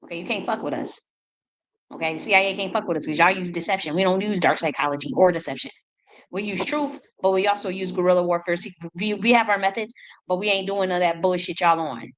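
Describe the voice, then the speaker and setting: A woman's voice: lowish voice, rough recording. Profane ranting woman. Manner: blunt, profane, combative, rapid repetitions. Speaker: independent artist. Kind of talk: ranting monologue.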